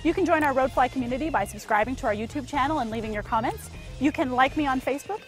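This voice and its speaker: A woman's voice: high voice, quick pace, faint music behind. A woman hosting a scripted car review, delivering specs with playful, jokey asides.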